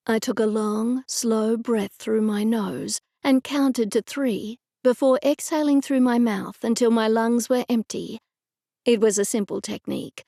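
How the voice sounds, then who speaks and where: A woman narrating a cozy mystery audiobook in a measured first-person storytelling manner. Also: fairly high pitch, gravelly, mellow, no echo, studio quality.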